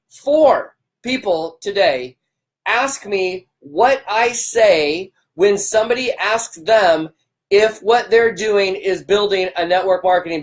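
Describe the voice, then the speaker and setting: A man hosting a live stream, fired up and emphatic. He repeats himself for emphasis and greets viewers by name. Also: sits high. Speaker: livestream host.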